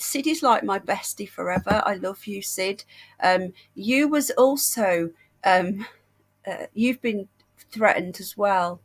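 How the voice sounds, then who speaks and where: Brief: British woman livestream host, husky voice, under the weather and breathless, warm endearments. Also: medium pitch. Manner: chatty, affectionate, greets viewers with endearments. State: unwell, short of breath. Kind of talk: casual livestream chat.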